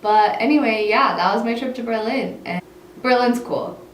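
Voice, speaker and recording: A woman's voice: a little high, moderate pace, reverberant. Young american girl rambling through a storytime, laughy, mic kinda far off, faint hiss behind. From United States. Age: young adult. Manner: chatty, peppered with "like", laughing between phrases. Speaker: vlogger. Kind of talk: casual storytime monologue.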